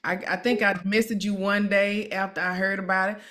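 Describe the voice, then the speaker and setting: A woman hosts an emotional interview at a middle pitch. She speaks encouragingly and often circles back to repeat a phrase. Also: level tone, a little fast. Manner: warm, encouraging, repeats herself. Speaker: host. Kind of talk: emotional live-stream interview.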